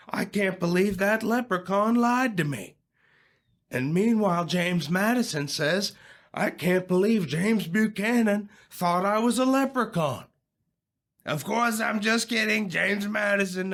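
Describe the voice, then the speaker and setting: A man doing a gravelly boastful older president. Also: sits high, fairly bright tone, full character voice. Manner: rambling, repetitive bragging. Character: boastful older male president doing a crude rambling roast. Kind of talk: comedic impression in an audio play.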